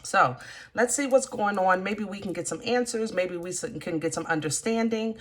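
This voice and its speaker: A woman's voice: mid-range voice, normal speed, fairly bright tone. A woman hosting a casual tarot reading, talking to her viewers in a chatty, emphatic way with lots of fillers. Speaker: tarot reader.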